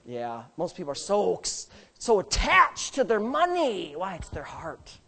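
Emphatic preacher with a lively pitch. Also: male voice, unhurried, slightly rough. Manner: emphatic, rhetorical questions, swings from quiet to shouting. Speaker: pastor. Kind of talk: sermon.

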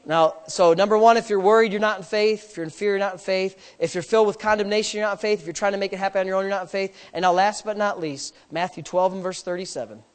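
A man preaching a sermon as pastor, repeating phrases in a rhythm, calling for amens, and swinging between hushed asides and loud outbursts. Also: sits high, fairly even intonation, fast, few pauses, clean tone. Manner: repetitive, rhythmic phrasing with calls for amen.

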